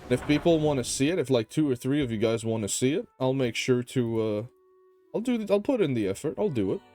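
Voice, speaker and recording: A man's voice: mid-range voice, expressive, quick pace, warm tone. A worn-out man hosts his gaming video, talking loosely about his day and his plans. His voice is sleepy and easygoing, with a joking, rambling way of talking. Faint music plays underneath. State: tired. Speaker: gaming channel host. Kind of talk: casual gameplay commentary.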